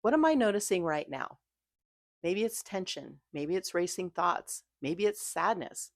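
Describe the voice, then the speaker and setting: Woman, lower voice, calm coaching delivery, close dry recording. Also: measured pace, no echo. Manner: gentle, reassuring, coaching tone. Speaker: mindfulness creator. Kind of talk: scripted talk to camera.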